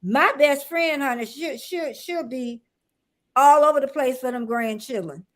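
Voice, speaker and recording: A woman's voice: high voice, measured pace. A woman in her sixties with a Southern US accent, chatting casually and laughing easily as the host of a live stream. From Southern United States. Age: 60s. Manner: drawling, chatty, laughs often. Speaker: show host.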